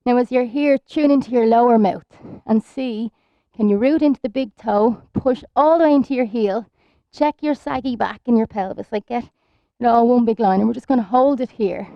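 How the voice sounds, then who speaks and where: An Irish woman teaching yoga, chatty and soothing as she guides each pose. Her voice has a gravelly edge at a middling pitch. It sounds dull and lo-fi, with no room echo at all. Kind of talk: guided yoga class instruction. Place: outdoors in a park.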